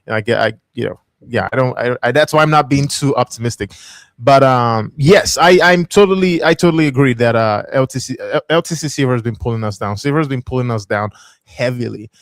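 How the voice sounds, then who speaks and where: A man's voice: mid-range voice, no echo, studio quality. A man hosting a casual livestream and talking over market charts, chatty, laughing easily and reading viewer comments aloud. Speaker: livestream host.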